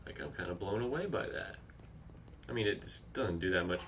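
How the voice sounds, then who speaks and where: Bright-voiced man chatting over gameplay. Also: low-pitched, lively intonation, a little fast, slight background noise. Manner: chatty, reads out viewer comments, exclaims at the game. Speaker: video game streamer. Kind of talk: live gameplay commentary.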